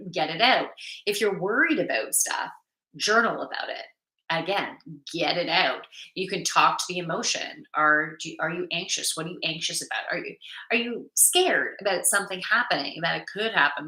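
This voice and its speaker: Slow-talking woman in an echoey room. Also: lowish voice, bright, forceful tone. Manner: chatty, reads viewer comments aloud. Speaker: livestream host. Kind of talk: casual livestream chat.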